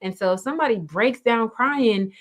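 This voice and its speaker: A woman's voice: fairly high pitch, normal speed. Emphatic woman coaching on a call. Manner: emphatic, instructive, checks in with "right?". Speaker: grief coach and guest. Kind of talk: conversational interview.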